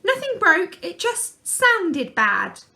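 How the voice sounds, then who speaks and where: Lady doing a yelling excited little boy, very high. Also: slow pace, vocal fry, full character voice. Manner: loud, excited. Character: a boisterous young boy.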